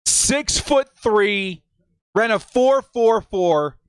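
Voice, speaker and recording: A man hosting a live stream, reacting with hype, shouting and whooping, and reading out viewer messages. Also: sits high, expressive, very slow, smooth, no echo, clean studio sound.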